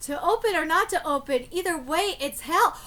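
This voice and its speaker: A woman's voice: extremely high pitch, expressive, moderate pace, bright, forceful tone, exaggerated voice. A woman reading aloud and voicing a frightened young girl who is being chased by a ghost and keeps asking panicky questions. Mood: nervous.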